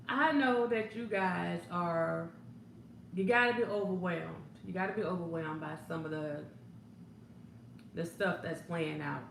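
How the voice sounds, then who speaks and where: A woman chats slowly and loosely on a casual livestream, greeting viewers one by one, filling pauses with ums. Her voice sits a little low and easy. The room is echoey, with a faint hum of background noise behind her. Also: gravelly. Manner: laid-back, warm greetings, frequent laughs and ums. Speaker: life coach hosting a livestream.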